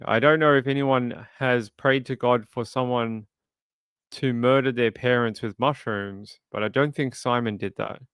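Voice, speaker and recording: Man, mid pitch, smooth, dry close mic, conversational. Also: steady tone, unhurried, a bit bright, dry recording. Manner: conversational, sympathetic, reads chat aloud. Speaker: true crime livestream host. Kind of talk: casual livestream chat, reading viewer comments.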